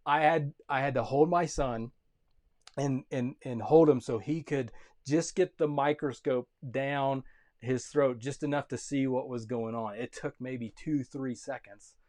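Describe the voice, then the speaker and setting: A man in his thirties preaching a sermon, swinging between loud urgent calls and quiet, intimate storytelling. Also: medium pitch, normal speed. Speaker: pastor.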